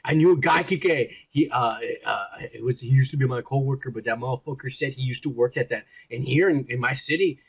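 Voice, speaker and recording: A man from Texas co-hosting a casual podcast, reading comments aloud with loud, crude, profane banter and frequent laughter. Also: medium pitch, a little fast, creaky, hardly any pauses, husky. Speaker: podcast co-host.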